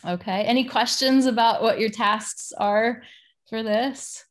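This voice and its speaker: A woman's voice: a little high, steady tone, unhurried. A woman in children's ministry hosts a workshop over a video call. She talks casually and chattily, with plenty of fillers as she tells stories and explains tasks. Her voice comes through a computer microphone. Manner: chatty, warm storytelling with many fillers. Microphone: computer mic on a video call.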